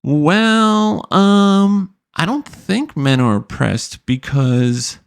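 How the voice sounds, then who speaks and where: A man mocking a hesitant young woman interviewee, high-pitched and halting with fillers. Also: sing-song, vocal fry, smooth, exaggerated voice. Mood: unsure.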